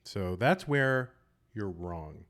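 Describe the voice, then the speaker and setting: A man's voice: on the low side, very animated, very slow, a bit bright. Chatty man calling a game. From Boston. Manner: chatty, rambling, joking asides. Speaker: tournament commentator. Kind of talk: casual live game commentary.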